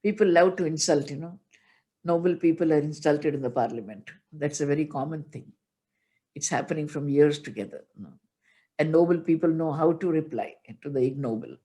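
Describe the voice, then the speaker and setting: A woman's voice: sits low, a little fast, dark tone. Older woman spiritual teacher, emotional storytelling sermon, chants scripture. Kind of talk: religious discourse.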